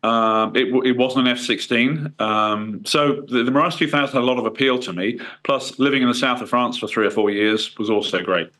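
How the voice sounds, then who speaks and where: A middle-aged man with a croaky voice from a cold, answering interview questions in a hesitant way with fillers and restarts. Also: medium pitch, fairly quick, hardly any pauses, a bit bright. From United Kingdom. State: hoarse from a cold. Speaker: guest, former fighter pilot.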